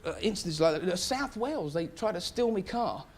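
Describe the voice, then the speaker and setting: High-voiced man telling rambling comic stories. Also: animated, fairly quick. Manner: rambling, laughing storyteller who acts out voices. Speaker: comedian guest. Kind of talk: animated anecdote telling on a chat show. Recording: noisy studio with audience. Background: audience laughter and noise.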